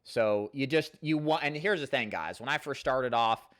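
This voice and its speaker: A man's voice: medium pitch, moderate pace, a bit bright, dry recording, clean studio sound. A man hosting a live call-in Q&A, coaching sales agents in a rambling, casual way and reading viewer comments aloud. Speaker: host answering live chat questions.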